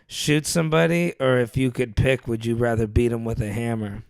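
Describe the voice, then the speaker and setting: A man co-hosting a podcast in casual chat, an animated storyteller who laughs often. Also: mid-range voice, normal speed, vocal fry, dry recording. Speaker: podcast co-host.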